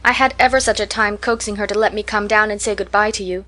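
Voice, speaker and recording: A woman's voice: mid-range voice, steady tone, fast, sharp tone, natural voice. A woman voicing a devoted young girl who speaks mournfully and earnestly.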